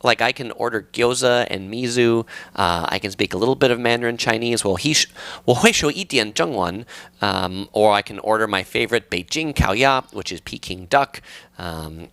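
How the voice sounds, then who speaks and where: A man from Southern California hosting a travel channel's live stream, reading chat questions and answering in a relaxed, chatty way with many ums and uhs. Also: on the low side, moderate pace, no echo.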